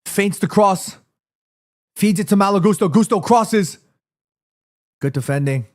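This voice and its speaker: A man streaming a football watchalong, calling the play live and chatting to his viewers in an excitable, slangy way. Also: sits high, unhurried. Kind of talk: live play-by-play commentary and chat.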